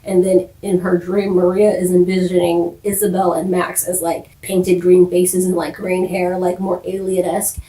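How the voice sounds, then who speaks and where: A woman's voice: on the low side, level tone, normal speed, hardly any pauses, dark tone, recorded from a distance. Chatty woman recapping TV in an echoey room. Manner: chatty, lots of "like", quotes characters in acted asides. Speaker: TV recap vlogger.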